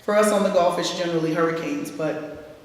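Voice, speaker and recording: A woman's voice: fairly low pitch, fairly quick. A woman from gives a conversational keynote speech, folksy and direct, teasing the audience now and then. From South Louisiana, USA. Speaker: keynote speaker. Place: large hall. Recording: echoey hall, voice from far off, faint noise.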